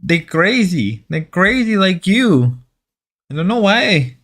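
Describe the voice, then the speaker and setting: A man's voice: sits high, big pitch swings, slow pace, fairly bright tone, exaggerated voice. A man voicing a threatening, bossy Mexican wife in a put-on Mexican Spanish accent, speaking broken English in a scolding, menacing way.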